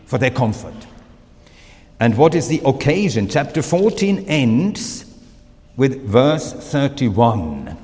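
A man with a German accent delivers a sermon at an unhurried pace. His pitch swings widely as he stresses phrases, and he pauses often and fills gaps with "uh". The voice rings out with a long hall reverb. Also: big pitch swings, darkish tone. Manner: slow, deliberate preaching with frequent pauses and fillers. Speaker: preacher.

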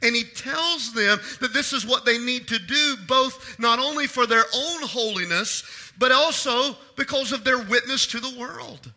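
A pastor delivering an impassioned sermon in a strikingly high voice. He swings from forceful, near-shouted appeals to his congregation to hushed, earnest asides. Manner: impassioned preaching, rising to shouts then dropping low.

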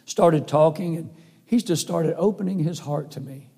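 A man's voice: on the high side, moderate pace, vocal fry, dark tone, husky. A middle-aged man preaching a sermon in an earnest, folksy, emphatic way. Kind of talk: sermon with personal story.

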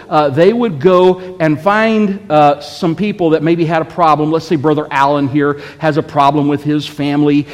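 A pastor preaching a sermon in a church, his slightly raised voice carrying a long reverb through the hall. He tells his story conversationally, often pausing to ask the congregation "okay?". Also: fairly high pitch, a little mellow. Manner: storytelling with frequent "okay?" asides.

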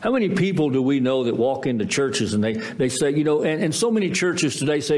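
A man preaching a sermon as pastor, emphatic, with dramatic swings in pitch. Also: big pitch swings, a little fast, hardly any pauses, darkish tone.

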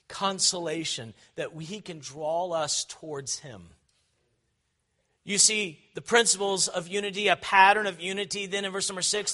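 High-voiced man preaching a fiery sermon. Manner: impassioned preaching, swinging from loud shouts to quiet asides. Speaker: pastor.

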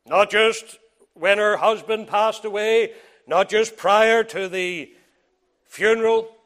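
A man preaching a sermon in old-fashioned scriptural phrasing, who swings from loud, emphatic lines to hushed, near-whispered ones and repeats phrases for emphasis. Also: sits high, slow pace.

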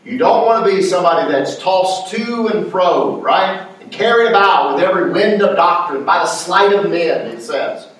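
A man's voice: high voice, moderate pace, few pauses, a bit bright. A male pastor from North Carolina with a Southern accent, preaching an emphatic sermon and calling for amens. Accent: Southern American. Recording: echoey room, mic from a distance.

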